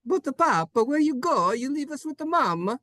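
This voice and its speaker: A small Italian child pleads in high, broken English for its papa to come back, as a man puts the voice on. The voice is thin and plaintive, recorded close and dry. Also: big pitch swings, normal speed, bright, forceful tone, no room sound, heavily acted. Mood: pleading.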